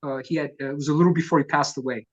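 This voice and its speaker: A middle-aged man, a punk vocalist telling profane, lively stories in an oral history interview. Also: on the high side, rapid-fire, lo-fi sound. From New York. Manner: profane, animated storyteller who acts out quotes.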